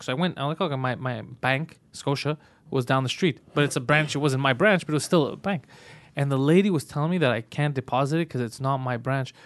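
Fast-talking guy telling stories. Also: mid-range voice. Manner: profane, animated storytelling. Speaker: podcast co-host. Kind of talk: casual podcast chat.

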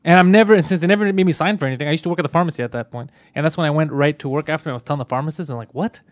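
A man's voice: on the high side, rapid-fire, dry recording. A young man, a comedian, telling a story in casual chat and acting out the voices, with a lot of swearing.

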